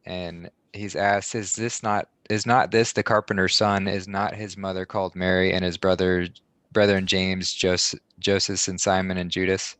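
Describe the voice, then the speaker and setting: Deep low guy talking real slow, lots of ums, dry close sound. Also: level tone, fairly bright tone, dry recording. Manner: slow, hesitant, many fillers. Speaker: study group host. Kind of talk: casual bible study discussion.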